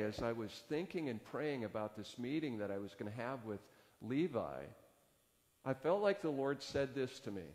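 A male pastor telling a story from the pulpit in an unhurried way, his pitch swinging widely as he acts out the dialogue. The sound carries a long church reverb. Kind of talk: sermon storytelling. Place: church sanctuary.

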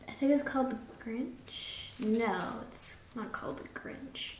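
A woman's voice: fairly high pitch, measured pace, roomy sound, slight background noise. A woman giving a casual, chatty drawing lesson, rambling into playful asides as she draws. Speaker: drawing teacher.

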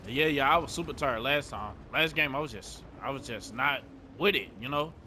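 A man's voice: mid-range voice, normal speed, bright, forceful tone, slight background noise. Chatty young man commenting on gameplay. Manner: laid-back, chatty, swears a lot. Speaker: gaming streamer.

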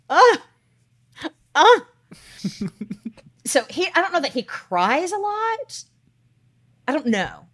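A woman co-hosting a podcast, telling stories in a chatty, animated way with lots of fillers and quoted asides. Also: medium pitch. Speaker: podcast co-host. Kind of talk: casual chat.

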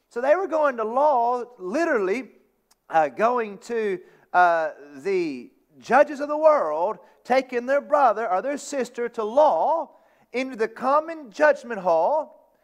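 A man's voice: very high-pitched, expressive, slow. A man preaching a sermon as pastor, reading scripture aloud and driving points home with emphatic repetition and sudden raised outbursts. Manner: reads scripture in King James wording. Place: church sanctuary.

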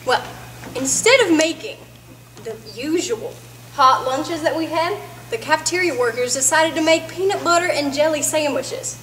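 A woman playing a folksy country comedienne, telling corny jokes on stage in a drawn-out, chatty way. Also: high voice, expressive, a bit bright. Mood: cheerful. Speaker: comedy performer at a church variety show. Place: church fellowship hall on stage. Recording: echoey hall with audience noise. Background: audience chatter and room noise.

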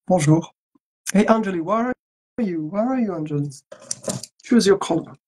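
A man's voice: a little high, moderate pace, a little mellow, breathy edge, poor audio. A man from Algeria, a voice actor chatting playfully with fans at a live autograph session and joking in several languages. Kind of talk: casual livestream chat.

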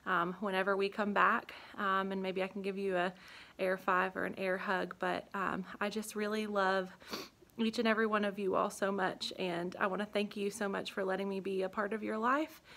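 A young woman teacher in an empty classroom, speaking an emotional farewell to her students and holding back tears, with many pauses and ums. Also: mid-range voice, little pitch movement, gravelly, a bit bright. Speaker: third grade teacher. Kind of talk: heartfelt farewell video message.

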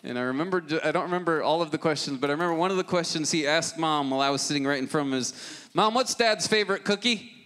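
A man preaching a sermon as lead pastor, moving from a family story to forceful exhortation. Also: a little high, rapid-fire, hardly any pauses. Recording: long hall reverb with loud music beneath. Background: loud guitar music.

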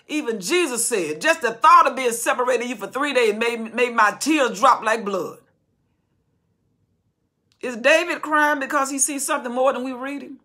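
A woman's voice: fairly high pitch, moderate pace, pushed and bright. A woman teaching a Bible study sermon in a fervent, conversational preaching style, often repeating herself as she builds.

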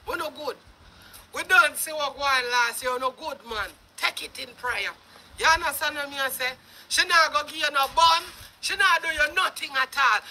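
A speaker with a Jamaican accent giving a loud, mocking commentary rant, laughing and shouting often. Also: very high-pitched, vocal fry, a little hiss or hum. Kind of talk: ranting commentary.

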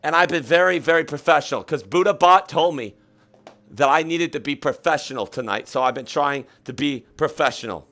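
A man hosting a comedic livestream, talking in an excitable, repetitive, mock-earnest way. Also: on the high side, a little fast. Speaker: host. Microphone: webcam setup.

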